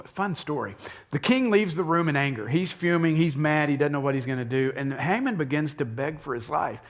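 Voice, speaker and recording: A male pastor preaching a sermon, retelling a Bible story in an animated way and jumping up high when he voices the characters. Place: church sanctuary.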